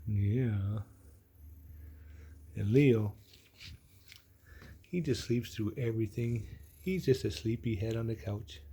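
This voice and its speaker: Slow, husky-voiced man cooing to cats. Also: fairly low pitch. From US Pacific Northwest. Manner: soft baby talk to pets, drops to whispers. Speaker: cat channel host. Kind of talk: casual home vlog talking to cats. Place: home living room, indoors.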